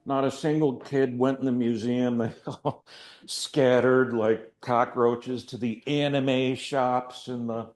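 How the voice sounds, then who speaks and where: A man's voice: mid-range voice, steady tone, takes it slowly, a little mellow. An older man, an artist, giving an informal, rambling talk to a gallery audience about his work, with chatty, self-deprecating asides. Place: art gallery.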